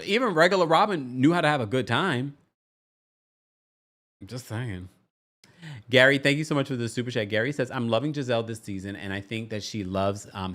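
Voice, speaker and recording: Animated man recapping reality TV. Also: medium pitch. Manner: animated, chatty, quick asides and playful quoted voices. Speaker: reality show recap host. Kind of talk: casual live-stream recap chat.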